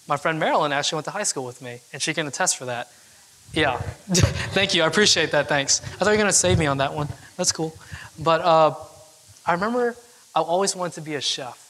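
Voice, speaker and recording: Young male speaker, casual storyteller, slightly higher voice and bright tone, heard in a reverberant hall. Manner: casual, chatty storytelling with frequent fillers. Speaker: keynote speaker. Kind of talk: storytelling talk. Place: event hall with audience.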